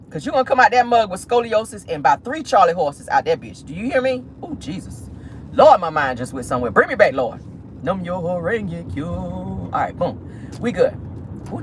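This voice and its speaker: A woman's voice: mid-range voice, a little hiss or hum. A woman dishing celebrity gossip from her car, sassy and chatty, calling listeners honey and child. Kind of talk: casual gossip commentary. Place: inside a car.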